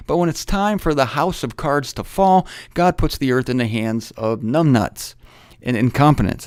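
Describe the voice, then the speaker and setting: A man's voice: mid-range voice, darkish tone, dry recording, clean studio sound. Chatty middle-aged man teaching the Bible. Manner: conversational, self-correcting, joking asides.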